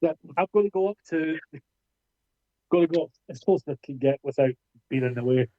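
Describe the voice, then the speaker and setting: A man's voice: on the high side, a little fast, phone-quality sound. A man playing in a tabletop game, laid-back and casually swearing. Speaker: player.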